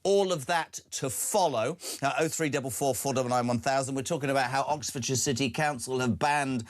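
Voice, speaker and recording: A man's voice: medium pitch, fairly quick. A man hosting a breakfast radio show, emphatic and jokey, reading out listener texts and phone numbers. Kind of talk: lively talk radio presenting.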